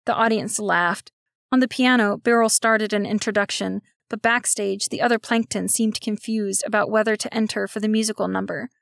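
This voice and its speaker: A woman reading a children's story aloud, giving steady, expressive narration. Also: medium pitch, moderate pace, creaky, no room sound, studio quality.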